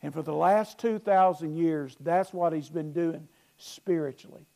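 Pastor mid-sermon, a man with a warm, mellow voice pitched a bit high, building to loud peaks and falling back quiet. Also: measured pace, gravelly. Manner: earnest preaching, swells loud then drops low; repeats words and restarts phrases.

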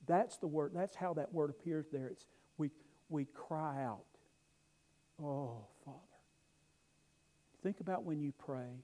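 A middle-aged man preaching a sermon, telling stories with emphatic rises and quiet asides. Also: fairly high pitch, normal speed, low-quality recording. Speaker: pastor.

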